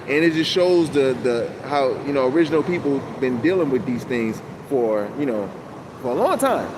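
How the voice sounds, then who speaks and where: A man talking to camera in a casual, rambling monologue, animated and full of profane street slang, outdoors. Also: mid-range voice, moderate pace. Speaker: channel host. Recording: loud outdoor traffic noise.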